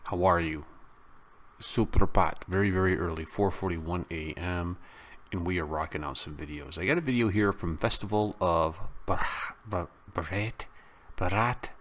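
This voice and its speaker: An American man hosting a reaction channel, chatting casually and self-deprecatingly to his viewers, now and then breaking into loud, excited bursts. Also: sits low, moderate pace. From United States. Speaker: YouTube reaction host. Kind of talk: casual chat to camera.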